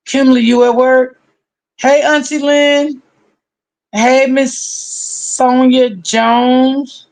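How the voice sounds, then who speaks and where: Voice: sits high, flat delivery, extremely slow. A livestream host in casual chat who greets viewers one by one by name, drawing out each greeting and calling people honey and baby. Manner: warmly familiar, calls people honey and baby.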